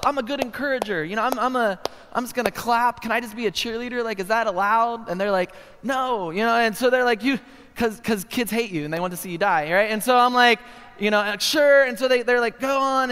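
A man's voice: very high voice, fairly quick, clear, resonant tone. A man preaching in a university chapel, telling a comic story and tagging many lines with "right?". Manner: comic, animated storytelling with frequent "right?" asides. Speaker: chapel speaker. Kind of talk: humorous storytelling sermon. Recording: long hall reverb.

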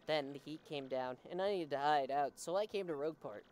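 A woman voicing a smug, sneaky male Goomba thief who speaks low and hushed, as if sharing a secret. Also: brisk, natural voice. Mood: secretive.

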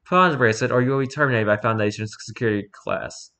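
A man's voice: mid-range voice, quick pace, sharp tone. A man voicing a stern, detached male researcher doctor who gives orders to prisoners.

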